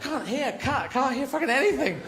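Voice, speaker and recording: A man's voice: very high voice, lively intonation, brisk, over a noisy crowd, very noisy. Rambling male comedian in a roomy hall. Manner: rambling, digressive, acts out scenes. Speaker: stand-up comedian. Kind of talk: stand-up comedy routine. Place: live venue with audience. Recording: roomy live venue.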